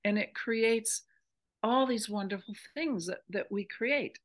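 A woman's voice: a little high, a little slow. A woman spiritual teacher in an interview, earnestly explaining a meditation practice step by step.

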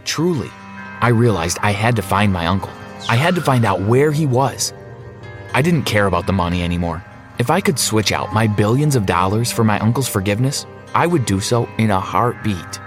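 Man with a lowish voice reading a personal story, earnest, soft music behind. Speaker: narrator. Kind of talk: scripted first-person story narration.

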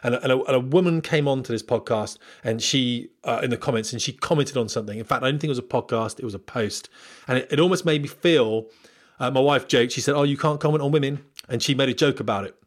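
A man's voice: mid-range voice, fast talker. A man hosting a casual podcast from home, a former pilot who digresses freely and talks straight to his viewers. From Britain. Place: at home in front of a camera.

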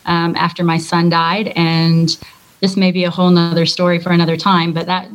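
A woman's voice: fairly low pitch, flat delivery, fairly quick, lo-fi sound. A woman telling her story as a guest in a casual interview, chatty and self-deprecating, laughing often. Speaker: guest singer and former worship leader.

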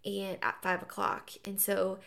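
A young woman on a podcast, chatting casually and telling a birth story with animated acted-out quotes. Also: medium pitch, unhurried, creaky. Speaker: podcast co-host.

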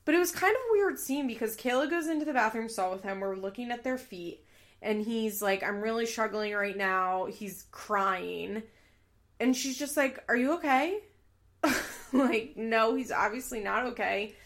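A woman's voice: a little high, moderate pace. A woman giving a casual, candid recap of a reality TV episode, swearing freely as she talks.

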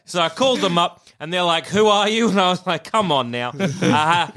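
A man tells a rambling story on a casual podcast. His voice sits a little high and rings bright. He acts out each side of the conversations he describes. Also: a little fast. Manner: rambling anecdote with acted-out quotes. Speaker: podcast co-host.

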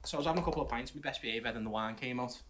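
Male co-host, mid-pitched, loose storyteller with a foul mouth. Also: racing, noisy background. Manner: swears freely, rambling anecdote with laughs. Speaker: podcast co-host. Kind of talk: casual chat, storytelling.

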